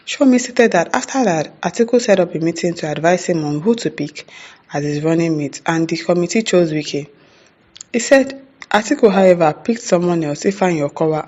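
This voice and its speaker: A commentator with a Nigerian accent offers casual news commentary in a mid-range voice with a darkish tone, and the audio sounds dull. Rhetorical questions come one after another, sprinkled with "eh?" and "hmm?", and laughter fills the gaps between remarks.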